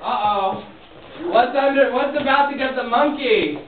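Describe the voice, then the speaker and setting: Woman teacher, high voice, drags out phrases nice and slow so the kids can copy, far off and echoey. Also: a crowd in the background. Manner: slow, drawn-out model phrases for the class to repeat. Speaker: English teacher for young children. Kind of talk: classroom lesson with call-and-repeat drills. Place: classroom with children. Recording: tinny, distant, echoey, very noisy.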